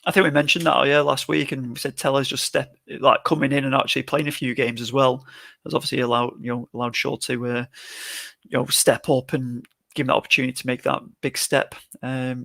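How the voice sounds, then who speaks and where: Male panelist, raspy edge, keen and quick to chime in. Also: medium pitch, bright, forceful tone, no echo, studio quality. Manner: eager, jumps in with short replies. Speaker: panel pundit. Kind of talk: casual podcast chat.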